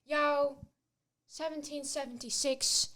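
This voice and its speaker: A woman's voice: sits high, steady tone, slow pace, fairly bright tone. A woman playing a prim, mock-indignant British woman with a put-on British English accent in a comedy sketch.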